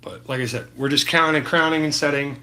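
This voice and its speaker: Chill guy painting on stream, bright tense voice, rambles, swears a lot, says hi to chat. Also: on the high side, fairly even intonation, a little fast. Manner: laid-back, rambling, swears freely, chats to viewers by name. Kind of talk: casual live-stream chat while painting.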